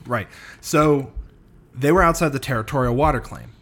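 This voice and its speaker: A man's voice: mid-range voice, moderate pace, fairly bright tone. A man co-hosting a casual podcast, explaining a history story with loose fillers and casual swearing. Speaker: podcast co-host presenting a history topic.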